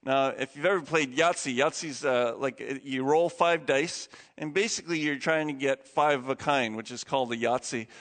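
A man preaching a sermon, opening with a prayer and telling stories with animated, lively delivery. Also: medium pitch, moderate pace, hardly any pauses. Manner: animated storytelling, acting out quoted voices. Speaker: pastor. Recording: long hall reverb.

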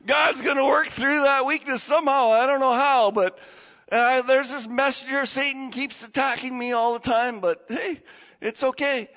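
A pastor playing a desperate apostle who cries out to God in a high, straining, pleading voice. The sound is dull and rings through a large hall. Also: male voice, fairly even intonation, normal speed, a bit bright. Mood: cheerfully resigned. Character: desperate apostle, a grown man begging God.

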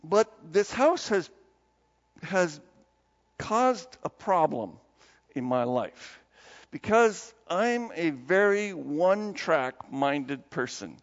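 A man preaching a sermon in a fairly high, gravelly voice. He tells stories with animated energy. The sound is dull and carries a long church reverb. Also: slow. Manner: storytelling, grows animated with raised pitch when quoting; soft, low prayer voice. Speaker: pastor. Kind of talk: sermon with opening prayer. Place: church sanctuary.

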